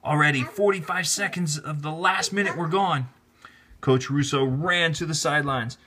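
A man teacher reading a children's picture book aloud, animated and rising to high excited shouts at the exciting parts. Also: moderate pace, crowd noise. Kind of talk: children's storybook read-aloud.

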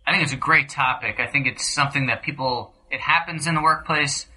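A man's voice: mid-range voice, brisk, bright, forceful tone, slightly rough, low-quality recording. A man hosting a podcast interview, asking questions hesitantly with frequent ums. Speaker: podcast host.

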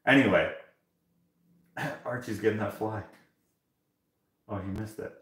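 A man's voice: lowish voice, measured pace, echoey room. A man livestreaming casual stories from his home kitchen while washing dishes, acting out the people in them. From Canada. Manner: animated, acts out other people in his story. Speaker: live streamer.

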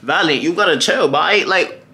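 A man's voice: fairly high pitch, a little fast, sharp tone. A man hosting a music reaction video, talking to viewers in loose, slangy casual chat. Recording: echoey room with faint music behind.

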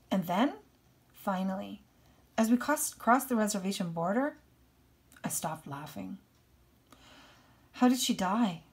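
A woman teacher reading a novel aloud expressively and stopping to explain passages to her class. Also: medium pitch. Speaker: English teacher.

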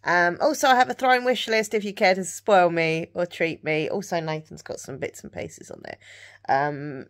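Woman, southern English accent, low-ish voice, casual vlog chat, rambling, filler words. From England. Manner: chatty and rambling, full of ums and likes. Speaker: vlogger. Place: at home in the evening.

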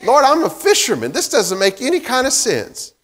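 A man's voice: very high voice, wildly swooping pitch, a bit bright, voice pushed up, exaggerated voice. Peter, a preacher doing a baffled fisherman. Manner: incredulous, rapid questions. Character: bewildered fisherman disciple, grown man, baffled.

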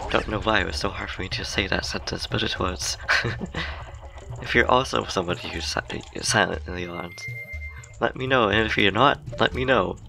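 Young male gaming YouTuber, low fry-tinged voice, giggly and rambling, game music underneath. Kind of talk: casual let's-play commentary.

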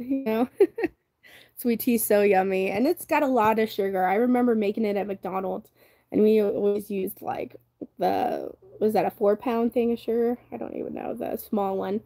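Mellow-voiced woman chatting on a livestream. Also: mid-range voice, steady tone, normal speed, creaky. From Southern United States. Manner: chatty, rambling, laughs often, reads comments aloud. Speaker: livestream host. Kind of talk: casual live-stream chat reading viewer comments.

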